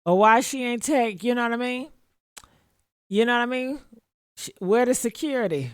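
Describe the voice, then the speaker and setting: A woman's voice: a little high, moderate pace, smooth, dry recording, studio quality. A woman giving casual reaction commentary, sassy and mocking, laughing often and talking straight to her viewers.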